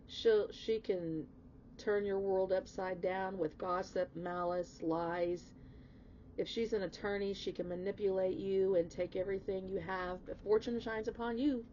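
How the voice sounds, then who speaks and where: A woman reads tarot in a loose, chatty way, warm and mellow in tone. She presses her points emphatically and curses now and then without a second thought. The recording sounds a little dull and muffled, with a faint hiss underneath. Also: mid-range voice, fairly even intonation, unhurried. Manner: emphatic, chatty, swings into emotional outbursts; blunt, swears casually. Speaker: tarot reader. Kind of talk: casual spoken tarot reading.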